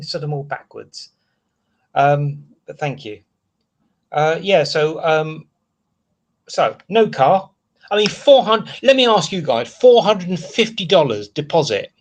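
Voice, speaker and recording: A man hosting a casual live stream. He rants in a frustrated, rambling way and reads out chat comments as he goes. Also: a little high. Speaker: livestream host.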